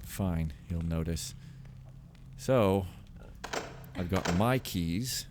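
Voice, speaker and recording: A man's voice: sits low, extremely slow, background noise. Joking man rambling over gameplay. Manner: joking, rambling, self-mocking. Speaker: Let's Play commentator. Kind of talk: casual gameplay commentary.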